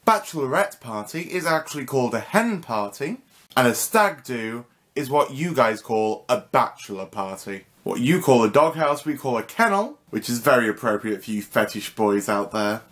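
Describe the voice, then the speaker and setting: A man's voice: medium pitch, very animated, normal speed, fairly bright tone. A young British man with a cheeky, mock-indignant manner, hosting a comedic vlog lesson. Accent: British English. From United Kingdom. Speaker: vlogger.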